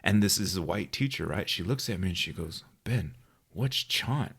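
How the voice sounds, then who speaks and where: Low, husky man telling stories. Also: fast. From New Mexico, USA. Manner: animated storyteller, often checks in with "you know what I mean?". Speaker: podcast co-host. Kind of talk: casual chat, storytelling.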